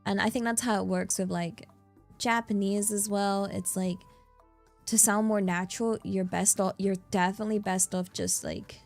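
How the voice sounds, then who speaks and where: A woman chats on a livestream in a loose, rambling way, full of fillers and playful asides. Now and then her voice jumps up in excited bursts. Soft music plays faintly behind her. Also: mid-range voice, moderate pace. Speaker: streamer. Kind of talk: casual livestream chat. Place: in Japan.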